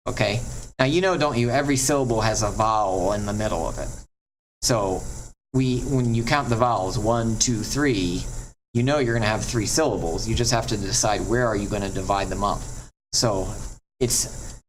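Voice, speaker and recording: A man teaching a Latin pronunciation lesson at a board, chatty and encouraging, drawing out example words slowly. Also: medium pitch, a little hiss or hum, low-quality recording.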